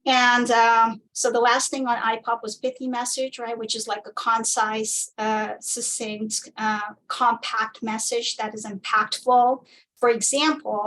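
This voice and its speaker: A woman's voice: a little high, a bit bright. A woman physician giving an informal talk, speaking conversationally with many fillers and restarts. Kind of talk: informal presentation lecture. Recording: distant mic, faint background noise.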